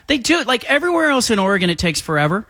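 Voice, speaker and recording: A man telling a lively anecdote on a talk show, acting out the voices of the people in it. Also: very high-pitched, very fast, no room sound, studio quality. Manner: animated, acts out quoted voices. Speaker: guest. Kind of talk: casual storytelling.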